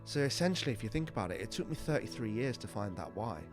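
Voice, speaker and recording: A man's voice: on the low side, big pitch swings, fast, music in the background. A man, a fitness and mindset coach telling his life story openly in an interview, full of "you know" fillers. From England. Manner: open, reflective, lots of "you know" fillers.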